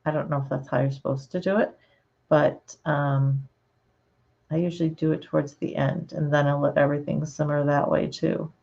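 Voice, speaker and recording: A woman hosting her channel, chatting casually with her viewers and reading their comments, relaxed and quick to laugh. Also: deep voice, gravelly. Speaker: channel host. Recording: slightly dull lo-fi sound.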